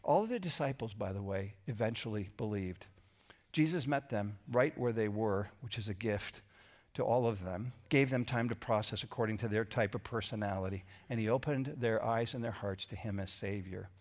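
Pastor, male, mid-pitched voice, expressive sermon delivery, punchy emphasis, hushed asides. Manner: dramatic shifts between loud emphasis and hushed quoted lines; repeats words when searching for them.

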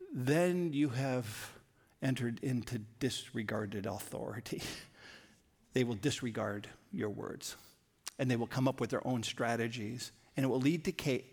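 A man's voice: mid-range voice, breathy edge. A man preaching a sermon in a conversational way, telling stories with bursts of animation and repeating key lines for emphasis. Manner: animated storytelling with sudden bursts of loudness. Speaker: pastor.

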